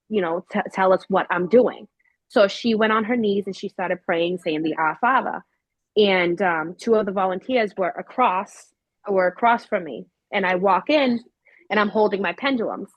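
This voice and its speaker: A woman telling her paranormal investigation experiences in a casual, animated way, with many fillers. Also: medium pitch, no echo, rough recording. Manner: animated, acts out quoted voices with many fillers. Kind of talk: casual storytelling.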